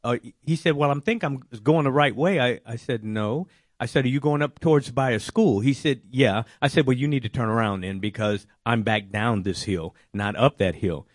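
Man, mid pitch, personal testimony, animated storytelling, voices his own quotes, dry sound. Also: moderate pace, dry recording. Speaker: testimony speaker.

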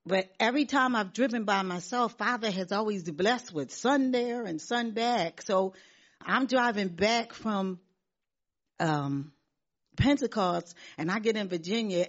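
A middle-aged woman giving an earnest church testimony, often repeating herself and laughing as she talks. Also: mid-range voice. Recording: dull lo-fi sound.

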